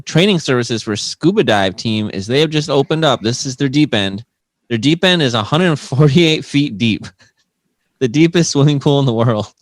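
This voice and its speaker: A man's voice: mid-range voice, no room sound. Guy on a podcast, bouncy up-and-down voice, teasing his buddies, dry mic. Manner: teasing, lively storytelling. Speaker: podcast co-host, news segment. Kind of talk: casual chat.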